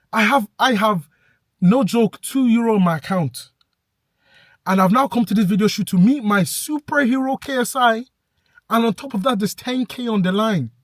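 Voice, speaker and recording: A young man telling an animated, breathless story in a vlog rant, bursting into shouts now and then. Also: high-pitched, no room sound, clean studio sound. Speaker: vlogger.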